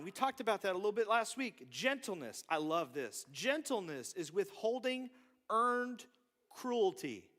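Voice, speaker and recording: High-voiced pastor guy in his 30s, chatty sermon, swings up and down a lot. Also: unhurried. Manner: animated, conversational preaching with audience asides. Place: church hall. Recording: long hall reverb.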